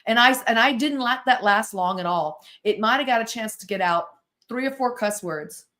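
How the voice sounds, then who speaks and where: An American woman in her sixties, a podcast guest who tells stories in an animated way and acts out the voices and sounds in them. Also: a little high, normal speed. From United States. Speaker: guest, spirit-board author and therapist. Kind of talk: storytelling in a podcast interview.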